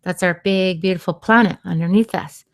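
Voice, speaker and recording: A woman hosting a radio show on sound healing, talking gently and unhurriedly, with soft laughs and quiet asides. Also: lowish voice, moderate pace, dry recording, studio quality. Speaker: radio show host and vocal sound healer. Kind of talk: slow, soothing radio talk.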